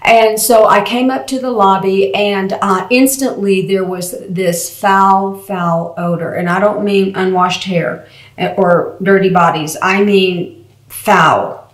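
A woman's voice: medium pitch, fairly even intonation, slow. Mission ministry woman recounting a testimony, earnest and homespun, recorded in a reverberant room. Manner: earnest, folksy storytelling with many fillers. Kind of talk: spoken faith testimony. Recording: roomy echo.

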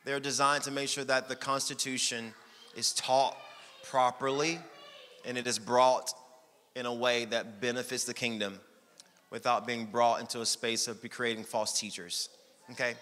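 A man preaching a sermon as pastor, energetic and joking, with bursts of shouting. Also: mid-range voice, moderate pace. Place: church sanctuary. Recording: long hall reverb.

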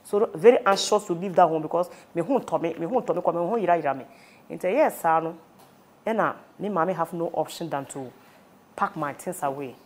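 A woman's voice: on the low side, brisk, a little mellow. A woman with a Ghanaian accent recounting a painful personal story, mixing Twi and English. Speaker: interviewee. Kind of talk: emotional personal testimony.

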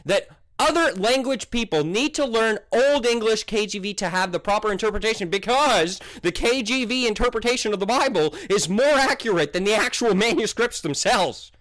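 Heated, animated French-accented man. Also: high-pitched, normal speed, few pauses, no room sound. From French Canada. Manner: combative, sarcastic, scolding. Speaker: Christian vlogger. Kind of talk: heated monologue.

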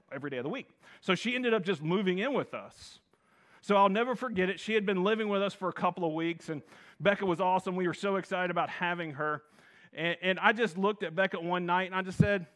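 A male minister delivers a sermon in a church sanctuary. His voice sits high for a man, and he preaches with eager energy, calling out to the congregation for responses. He often repeats himself and restarts his phrases as he goes. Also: moderate pace, fairly bright tone.

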